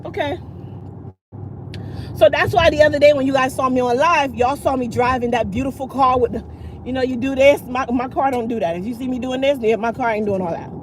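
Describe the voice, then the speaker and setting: A woman's voice: high-pitched, fairly quick, slight background noise. A middle-aged woman, telling viewers a long story in casual chat and acting out the people in it. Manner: animated, acts out the other people in the story. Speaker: vlogger and channel host.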